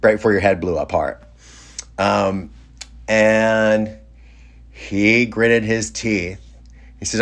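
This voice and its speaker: A middle-aged man with a fairly low voice tells a long anecdote in a loose, conversational way. He restarts his sentences and trails into fillers, sounding amused by his own story. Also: steady tone, a little slow, pauses often, a bit bright. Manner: rambling, self-interrupting, amused. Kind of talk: casual anecdote.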